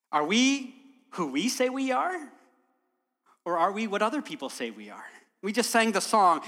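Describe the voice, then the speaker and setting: A man's voice: sits high, very animated, moderate pace, long pauses, in a large hall. A man preaching a sermon as a guest, telling stories and asking the congregation rhetorical questions. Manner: warm storyteller, rhetorical questions.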